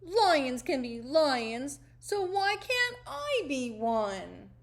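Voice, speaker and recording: A woman voicing a small, boastful male caterpillar who insists he is a lion, high and wailing. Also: big pitch swings, extremely slow, noisy background, full character voice. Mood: insistent.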